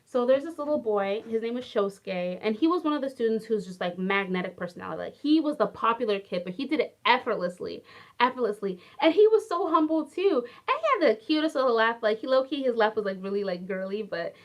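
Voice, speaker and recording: A woman's voice: on the high side, fast. Chatty young woman telling stories. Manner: chatty, heavy use of "like", animated and affectionate. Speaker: former English teacher in Japan. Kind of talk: casual storytelling vlog.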